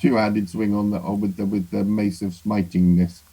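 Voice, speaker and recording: A man's voice: on the low side, flat delivery, moderate pace, warm tone, husky. A man playing a tabletop game, talking casually and stammering over his words. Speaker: player.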